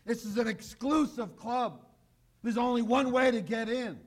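A man preaching a sermon with emphasis, swinging from loud declarations to quiet, low asides. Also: a little slow. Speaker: pastor. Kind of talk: radio sermon.

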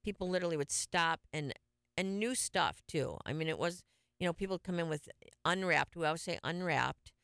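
A chatty radio host with a gravelly, bright voice that stays smooth and clear. Rambling and jokey, poking fun at themselves while talking with a guest in the studio. The sound is dry and close, with no room echo. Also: mid-range voice, normal speed. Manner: rambling, jokey, self-mocking. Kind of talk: casual on-air chat.

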